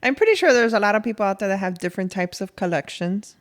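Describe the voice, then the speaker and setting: A woman co-hosting a podcast, chatting casually in an animated, rambling way with laughs. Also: medium pitch, quick pace. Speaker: podcast co-host. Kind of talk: casual chat.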